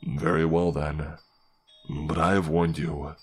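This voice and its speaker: A man voicing a genderless, all-knowing being at the edge of the internet, speaking slowly and plainly. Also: a bass voice, little pitch movement, breathy edge, soft background music, heavily acted. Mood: ominous. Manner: slow, plain, commanding.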